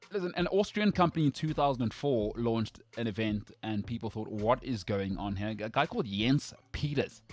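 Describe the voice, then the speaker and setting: A man hosts a sports talk show with loud, opinionated bravado. He leans hard into his jokes and punches his lists with emphasis. His voice sits at a middling pitch, and faint music plays underneath. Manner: brash, emphatic, jokey rants.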